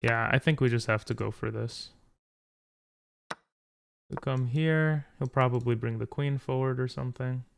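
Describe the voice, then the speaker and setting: Gravelly, frustrated man thinking aloud. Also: mid-range voice, fairly even intonation, normal speed, pauses often. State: tired from little sleep. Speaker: chess streamer. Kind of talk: casual game commentary.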